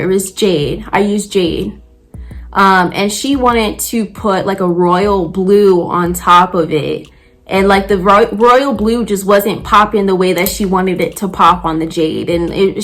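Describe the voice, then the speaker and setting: A young woman nail artist telling a story about a client in a casual, heated, profane rant. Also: mid-range voice.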